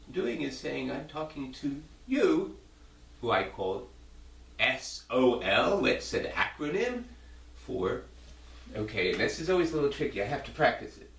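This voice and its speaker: A man rambling in a halting, self-interrupting way as he speaks straight to one person, thinking aloud. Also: mid-range voice, vocal fry. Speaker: video blogger. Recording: roomy, distant mic, loud guitar music. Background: loud guitar music.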